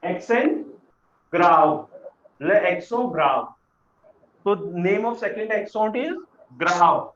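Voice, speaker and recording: A high-pitched man teaches beginners in an unhurried, patient way, repeating key words so learners can follow. The recording is roomy and a bit muffled, with a lo-fi edge. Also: lively intonation, fairly bright tone, a little hiss or hum. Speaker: French teacher. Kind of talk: classroom lesson explanation. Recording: echoey room, dull lo-fi sound.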